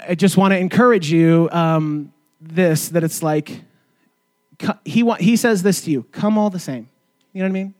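A man preaching a sermon in a loose, conversational way, with many fillers and restarts, and going quiet and gentle as he leads into communion. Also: fairly high pitch. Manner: conversational, fillers and restarts, softening to a hush near the end. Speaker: pastor.

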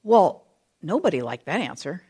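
A middle-aged woman preaching a sermon and telling the story with animated, acted-out voices, addressing the children in the room too. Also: fairly low pitch, normal speed, husky. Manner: speaks to children in the audience.

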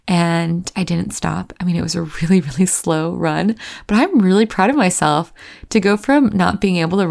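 A woman in her thirties talks openly about her own struggles, with a frank, self-mocking delivery. Her voice sits on the low side and has a gravelly, creaky texture. Now and then she slips into acting out her own thoughts. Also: a little mellow. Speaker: vlogger. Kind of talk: personal storytelling to camera.

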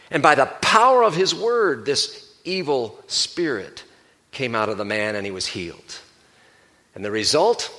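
A male pastor giving a sermon, explaining a Bible passage in a measured, teaching manner. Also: medium pitch, pushed and bright.

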